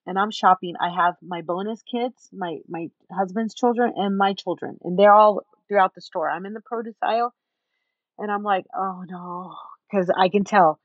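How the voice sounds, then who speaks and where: Animated woman telling a story, dry lo-fi sound. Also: mid-range voice, moderate pace, no room sound. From Texas. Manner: animated, acts out the people in her story. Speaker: interview guest. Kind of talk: storytelling in a conversation.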